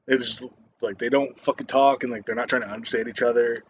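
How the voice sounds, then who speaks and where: A man's voice: mid-range voice, steady tone, quick pace, dull audio, a little hiss or hum. A man giving a casual, rambling movie review, swearing constantly and stopping often for fillers and restarts.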